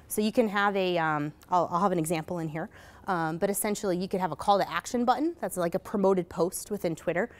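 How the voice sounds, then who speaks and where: A woman giving a conference presentation in a casual, hurried way, full of fillers and asking "right?" as she goes. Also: medium pitch. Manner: casual, many fillers, rhetorical "right?" tags; hurried, self-correcting. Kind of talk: live presentation. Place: conference session.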